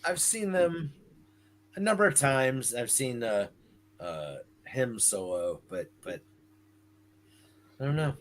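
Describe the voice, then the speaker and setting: A man's voice: mid-range voice, lively intonation, slow pace, long pauses, slight background noise. A man co-hosting a casual live stream, chiming in with eager remarks. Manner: eager interjections.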